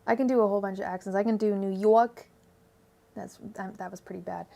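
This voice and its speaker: A woman's voice: mid-range voice, steady tone, fairly quick, vocal fry, warm tone. A woman with a Californian accent reading tarot on a casual livestream, rambling and chatty with many fillers, restarts and laughs. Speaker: tarot reader. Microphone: own microphone at home.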